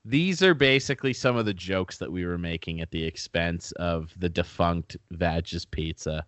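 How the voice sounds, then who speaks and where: A man's voice: deep voice, moderate pace, fairly bright tone, no echo. A young man co-hosting a casual podcast, rambling, swearing freely and poking fun at himself. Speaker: podcast co-host.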